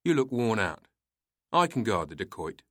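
A man's voice: lowish voice, very animated, moderate pace, fairly bright tone, no echo, studio quality. A man playing a stern English police officer. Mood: caring. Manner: clipped, commanding, irritable.

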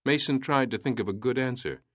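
A man reading a story aloud in a measured, steady way. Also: mid-range voice, no echo, studio quality. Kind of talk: storytelling narration.

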